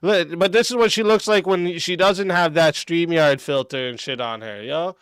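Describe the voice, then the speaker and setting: Man ranting angrily, high clear voice. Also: moderate pace, no room sound. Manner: aggressive, mocking, cursing. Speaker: streamer reacting to a clip. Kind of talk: profane reaction rant.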